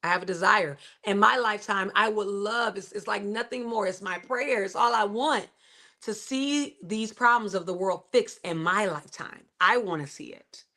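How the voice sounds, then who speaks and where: A woman's voice: medium pitch, moderate pace, sharp tone. Emphatic woman preaching hope. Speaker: livestream host. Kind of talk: motivational faith talk.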